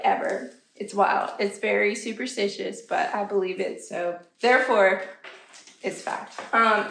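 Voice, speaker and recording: A woman vlogger telling a story in a chatty, animated way and acting out the people she quotes in a much higher voice. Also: gravelly. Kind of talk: casual storytelling vlog. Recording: echoey room.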